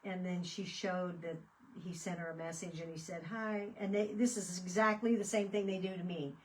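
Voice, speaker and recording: A woman's voice: lowish voice, steady tone, moderate pace, a little hiss or hum. A woman chatting casually as she works on a craft project and tells a story. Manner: chatty, storytelling, laughing fits. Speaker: craft video host. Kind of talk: casual chat while crafting. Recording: voice a bit far from the mic.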